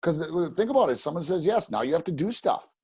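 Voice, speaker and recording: A man telling stories as a podcast guest, animated and rambling, with many restarts. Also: on the high side, fast, husky, dry recording. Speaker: podcast guest, real estate agent. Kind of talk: casual storytelling interview.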